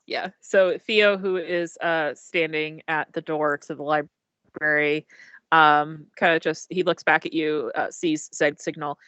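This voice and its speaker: A woman narrating as game master over a video call, describing scenes with frequent pauses and restarts. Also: low voice, steady tone, a bit bright, clear, resonant tone, dry recording. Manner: hesitant, many ums and restarts while describing scenes. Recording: dull lo-fi call audio.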